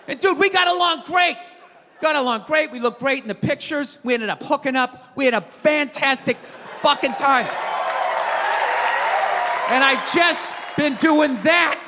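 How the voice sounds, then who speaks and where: A man doing a stand-up rant on stage with a handheld mic, shouting in a profane, exasperated way. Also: extremely high pitch. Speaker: stand-up comedian. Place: theater stage before an audience. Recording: hall reverb, faint audience and noise.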